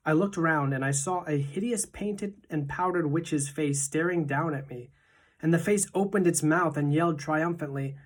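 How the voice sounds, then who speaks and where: Teacher narrator, female, deep-pitched, steady expressive storybook reading. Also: moderate pace.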